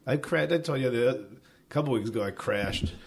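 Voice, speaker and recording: A man's voice: medium pitch, fairly quick, slightly rough. A man co-hosting a podcast in casual chat, laid-back and jokey, acting out his own quotes. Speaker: podcast co-host.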